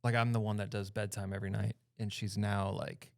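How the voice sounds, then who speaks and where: A man in his thirties hosting a casual chat, chatty and teasing and quick to laugh. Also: on the low side, flat delivery, creaky, darkish tone. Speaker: podcast host.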